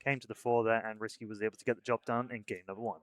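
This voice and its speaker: A young man commentating a live esports match, upbeat and brisk, moving smoothly into sponsor shout-outs. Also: lowish voice, steady tone. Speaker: esports caster.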